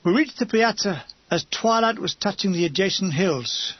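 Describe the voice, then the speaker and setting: A man's voice: sits high, animated, normal speed, breathy edge, no room sound. A man reading a comic war memoir as an audiobook, with wry, descriptive storytelling on a dull, dry recording. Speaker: audiobook reader.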